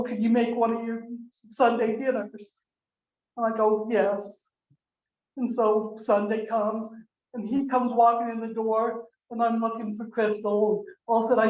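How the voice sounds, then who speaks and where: A woman's voice: a little high, flat delivery, normal speed, a little mellow. Older woman telling stories at a memorial. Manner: rambling, candid, acts out quoted dialogue. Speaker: mourner giving a eulogy. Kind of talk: memorial eulogy, storytelling. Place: memorial service room. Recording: roomy, muffled video-call audio.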